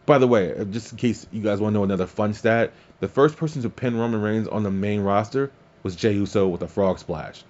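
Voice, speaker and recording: Podcast host, male, lowish voice, excitable casual recap, dull lo-fi sound. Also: fairly quick. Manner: excitable, swears freely, laughs at own slips. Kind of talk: casual wrestling recap and commentary.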